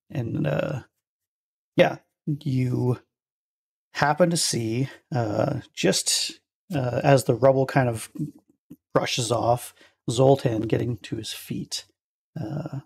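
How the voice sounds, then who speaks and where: Gravelly-voiced male game master, halting. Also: medium pitch, darkish tone. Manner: halting, lots of ums and uhs. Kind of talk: narrating a tabletop game.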